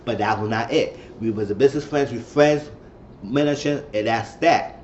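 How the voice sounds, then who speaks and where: A man giving a casual, animated reality TV recap, acting out the quoted dialogue as he goes. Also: mid-range voice, normal speed, a little hiss or hum. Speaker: show reviewer. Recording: echoey room, slightly dull sound.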